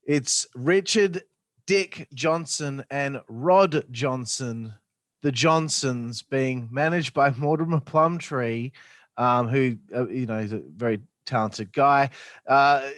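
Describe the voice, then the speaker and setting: A man's voice: medium pitch, slow pace, a bit bright, no echo. Male podcast host, interviewer, methodical and fact-heavy, dry close mic. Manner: detailed, fact-citing questions. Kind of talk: interview questions.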